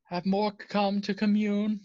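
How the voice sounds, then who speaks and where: A man's voice: sits high, completely flat delivery, slow, dark tone, dry recording, pitched above the performer's own voice. A man voicing a blindfolded lollipop acolyte woman. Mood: solemn, inviting. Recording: dull lo-fi dry sound.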